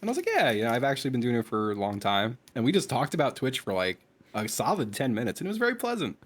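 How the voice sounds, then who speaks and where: A man's voice: medium pitch, fast. A man chatting casually, telling funny stories about being recognized, laughing and acting out the people he quotes. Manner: animated storyteller, laughs and acts out quotes. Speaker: streamer and show regular. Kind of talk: casual chat.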